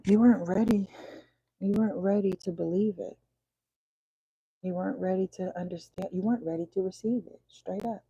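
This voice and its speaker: Gravelly woman reading tarot. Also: mid-range voice, steady tone, normal speed, long pauses, dark tone, no echo, poor audio. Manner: preachy slangy talk, drops to whispers. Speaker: tarot reader. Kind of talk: casual tarot reading monologue.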